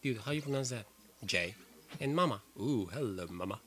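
A man giving excitable, swearing let's play commentary while he plays. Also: mid-range voice, normal speed, noisy background. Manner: excitable, swearing, trash-talking. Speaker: gamer. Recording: game music clearly behind voice. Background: game music.

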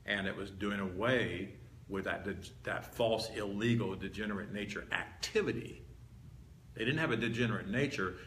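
This man's voice sits fairly low yet sounds bright and forceful as he preaches a teaching sermon to a live audience in a meeting hall. Conversational and emphatic, he leans heavily on words he repeats. The audio has roomy echo plus a faint hiss.

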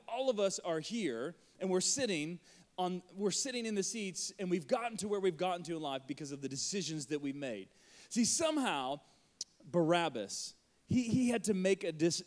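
A man in his forties, a pastor, preaching an Easter sermon with lively storytelling and jokes. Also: fairly high pitch. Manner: animated, acts out crowd voices and jokes. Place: church auditorium.

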